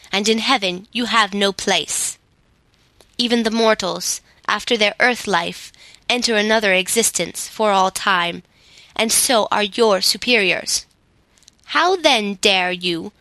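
A calm, stern immortal lord of the forests speaks with grave authority, as a woman narrator gives him voice. The pace is slow and measured, the tone bright and clear, recorded dry. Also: mid-range voice, no echo, low-quality recording.

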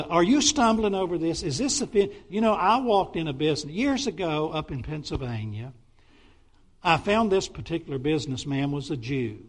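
Animated, higher-voiced preaching man. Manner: animated, with sudden excited outbursts and many restarts. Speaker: Baptist pastor. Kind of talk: sermon.

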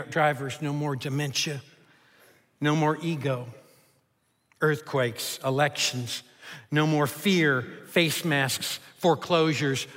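Bright-voiced preacher man in a reverberant hall. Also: fairly high pitch. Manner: rhythmic, building lists with shifting intensity. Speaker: pastor. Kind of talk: sermon.

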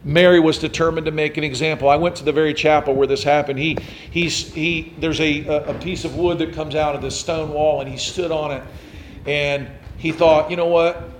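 A man's voice: fairly high pitch, fairly even intonation, moderate pace, slight background noise. A man preaching a sermon, telling a story and acting out the quotes with rising intensity. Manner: dramatic, acts out quotes, rising to intense emphasis. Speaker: pastor.

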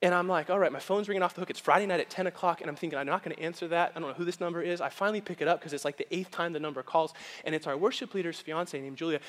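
A man preaching as pastor, telling a story with lively acted-out voices. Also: high-pitched, long reverb tail. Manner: animated storytelling, acts out quoted voices. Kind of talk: storytelling sermon. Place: church sanctuary.

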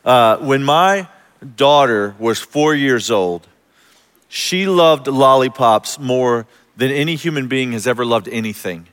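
A man's voice: medium pitch, a little slow, a bit bright. A male pastor telling a story in a conversational sermon, joking with the congregation and asking for amens. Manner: conversational, self-deprecating humor with audience call-outs. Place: church sanctuary before a congregation. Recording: long reverb of a large hall.

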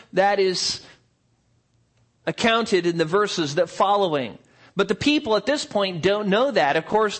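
High-voiced man preaching a sermon. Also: a bit bright. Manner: earnest, explanatory preaching with rhetorical questions. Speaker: pastor.

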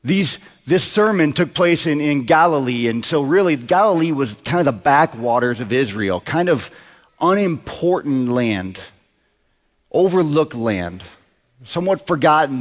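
A man's voice: on the high side, animated, normal speed. A man in his thirties preaching a sermon in a conversational way, often asking the congregation rhetorical questions. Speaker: pastor. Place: church sanctuary. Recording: long hall reverb.

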